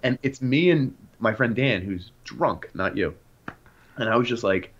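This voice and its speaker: A young man co-hosting a podcast, telling animated stories in casual chat and acting out the voices of people in them. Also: medium pitch, a little slow, husky. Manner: animated, acts out voices in anecdotes. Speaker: podcast co-host. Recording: dull lo-fi sound.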